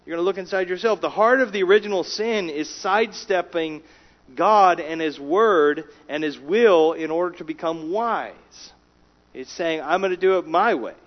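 A man preaching a sermon, emphatic, rising in volume for key words and dropping low and quiet between them. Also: moderate pace. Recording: dull lo-fi sound.

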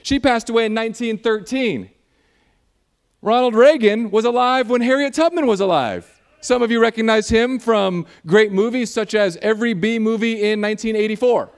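A man preaching a sermon in a church, animated and jokey, acting out voices as he talks. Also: very high-pitched, smooth. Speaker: pastor.

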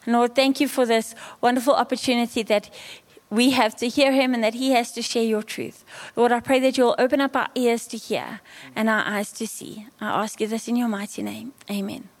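A woman's voice: on the high side, flat delivery, normal speed. A woman leading an earnest, heartfelt spoken prayer before a sermon. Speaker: prayer leader.

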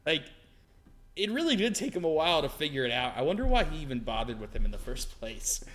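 A man co-hosting a casual podcast, reacting with wry exclamations and quick remarks. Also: a little high, big pitch swings, fairly bright tone. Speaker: podcast co-host. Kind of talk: casual chat.

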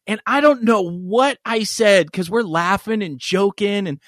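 A man's voice: high voice, unhurried, fairly bright tone, dry recording, clean studio sound. A middle-aged man, a podcast co-host, telling rambling, crude stories in casual chat with frequent laughs.

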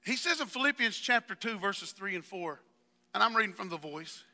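A man preaching a fervent sermon as pastor, calling on members of the congregation by name and building up to shouting, recorded in a church. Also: sits high, animated, a little fast. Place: church sanctuary. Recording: long church hall reverb.

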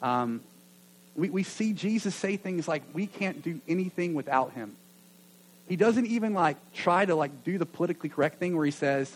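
A man preaching a sermon to a gathering of churches, earnest and full of stammered restarts, rising loud then dropping to a near hush. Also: fairly high pitch, animated, normal speed, a little hiss or hum, rough recording. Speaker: pastor.

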